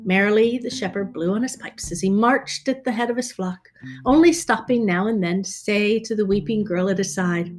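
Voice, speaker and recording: A woman reading a fairy tale aloud in a measured, expressive storytelling style. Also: medium pitch. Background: soft guitar music.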